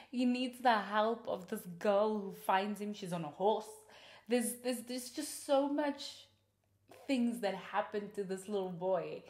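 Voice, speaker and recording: A woman's voice: mid-range voice, a little mellow. A young woman, an actress, hosting a casual chat about films she recommends, gushing and laughing often. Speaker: host and actress. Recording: roomy echo.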